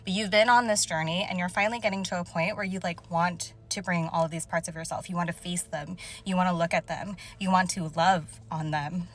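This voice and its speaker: A woman's voice: on the low side, a bit bright. Emotional young woman channeling a message. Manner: emotional, halting, many fillers. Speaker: spiritual channeler. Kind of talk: casual channeled message to viewers. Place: car.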